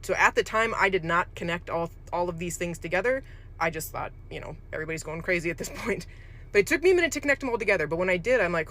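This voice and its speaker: A nursing home worker tells a spooky story in a loose, rambling way, wandering through asides as it goes. The voice has a bright, forward ring, and the pitch sits in the middle of its range. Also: lively intonation, fast talker. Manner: rambling, loose, with fillers and restarts. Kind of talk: casual storytelling.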